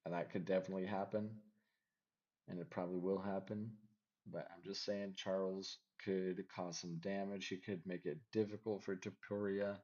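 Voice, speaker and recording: A man giving casual MMA fight predictions, rambling and second-guessing himself out loud. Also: low-pitched, flat delivery, moderate pace, highs cut off. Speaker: MMA fight picks vlogger.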